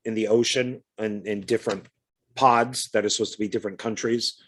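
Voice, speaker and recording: A man's voice: fairly low pitch, steady tone, fairly quick, fairly bright tone, husky. A man co-hosting a casual film chat, chatty and hesitant, often stumbling over his words. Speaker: co-host.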